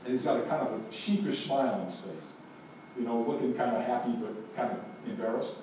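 Pastor preaching in an echoey room. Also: male voice, mid-range voice, a little fast, distant mic, a little hiss or hum. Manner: storytelling, swings from hushed to emphatic. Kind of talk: sermon.

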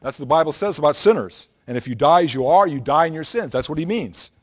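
A man's voice: on the high side, animated, quick pace, husky. A man preaching a Bible lesson, explaining scripture in an emphatic, teacherly way and often checking in with the listeners.

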